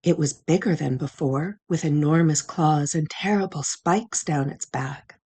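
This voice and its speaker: A woman narrating a children's storybook in a gentle, measured way. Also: low voice, breathy edge. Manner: gentle, measured, with sound effects.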